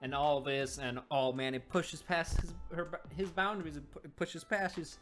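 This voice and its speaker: A woman giving excitable, rambling reaction commentary while reviewing a comic, often restarting her sentences. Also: sits low, normal speed, faint music behind.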